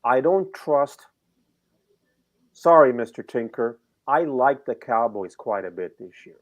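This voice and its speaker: A man's voice: mid-range voice, lively intonation, a little slow. A middle-aged man co-hosting a sports betting show, talking casually and animatedly, rambling and firing off rhetorical questions.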